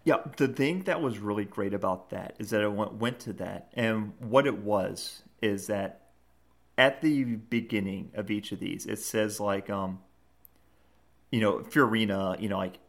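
A man's voice: on the low side, a little slow. A man co-hosting a podcast, retelling scenes in a rambling, casual chat full of fillers. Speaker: podcast co-host.

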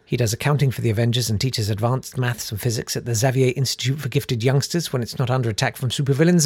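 A man's voice: medium pitch, quick pace, hardly any pauses, breathy edge, no echo. A man hosting a casual news chat, sarcastic and rambling, full of ums and uhs. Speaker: host.

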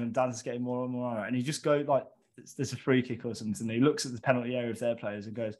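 Animated man telling a story. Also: racing. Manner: animated, shouts quoted lines in a high voice. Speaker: guest storyteller. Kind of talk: comic anecdote on a podcast.

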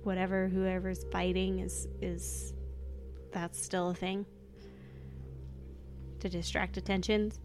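A woman's voice: fairly low pitch, flat delivery, takes it slowly, long pauses, darkish tone, faint music behind. A woman playing a tabletop game, talking through her character's actions in a hesitant, giggly way. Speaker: player.

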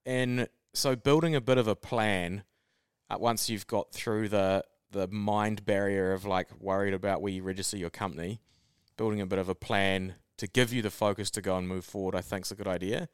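A man's voice: lowish voice, fairly even intonation, normal speed, clean tone, no room sound, clean studio sound. A man co-hosting a casual podcast chat, explaining his points steadily with worked examples. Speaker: podcast co-host.

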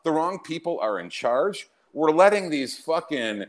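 A man's voice: fairly high pitch, big pitch swings, normal speed. A man hosting a podcast, ranting in a brash, mocking way and laughing often in casual, profane chat. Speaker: podcast host.

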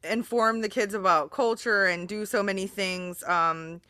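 A woman's voice: medium pitch, unhurried, sharp tone, dry recording. A woman hosting a podcast interview, talking in a rambling, earnest way with many fillers. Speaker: podcast host. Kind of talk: casual interview chat.

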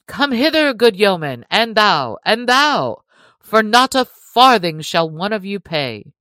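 A woman reading aloud and voicing a big, hearty male yeoman who is slow to anger, speaking in booming old-fashioned English. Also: expressive, sharp tone, dry recording, exaggerated voice. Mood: jovial.

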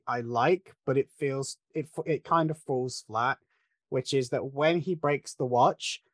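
A man's voice: mid-range voice, no room sound, clean studio sound. Analytical man in casual film chat. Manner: thoughtful, analytical, with frequent restarts. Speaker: podcast co-host discussing a film.

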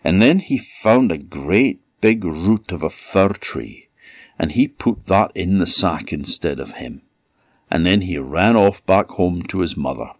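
A man from Orkney with an Orcadian Scottish accent, telling a folktale in a lively, animated way. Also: deep voice, no echo. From Orkney, Scotland. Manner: lively, animated, voices every character. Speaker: storyteller. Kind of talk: folktale storytelling. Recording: dull lo-fi dry recording.

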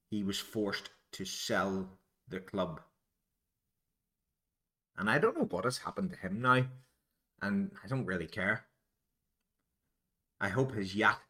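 A man's voice: lowish voice, bright, forceful tone. A Northern Irish man hosting a solo podcast, musing in a rambling, digressive, self-deprecating way. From Northern Ireland. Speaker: podcast host.

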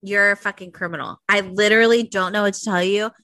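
A young woman chats animatedly as a podcast co-host, swearing freely along the way. Her voice sits at an ordinary pitch. The sound is dry and close, with no room around it. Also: steady tone, fast, sharp tone, dry recording. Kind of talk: casual chat.

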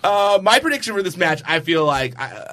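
A man co-hosting a casual chat about wrestling, animated and laughing often, with plenty of fillers. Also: high-pitched, normal speed, a little hiss or hum. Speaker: podcast co-host.

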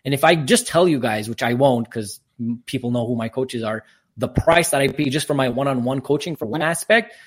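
A man's voice: medium pitch, a little fast, breathy edge. Confident upbeat Canadian male guest. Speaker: guest speaker. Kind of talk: casual podcast interview.

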